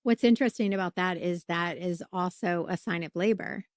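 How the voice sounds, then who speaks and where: A woman's voice: lowish voice, a little fast, dry recording, studio quality. A woman hosting a podcast who is losing her voice and sounds scratchy, asking conversational questions. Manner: warm interjections, conversational questioning. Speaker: podcast host, labor nurse. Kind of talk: casual podcast interview.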